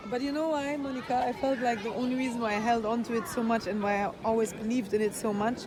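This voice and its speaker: A woman's voice: a little high, fairly even intonation, quick pace. Middle-aged musician woman chatting outside, earnest, reflective, lots of crowd and street noise. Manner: reflective, earnest, restarts phrases. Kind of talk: casual chat. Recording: noisy busy street outdoors.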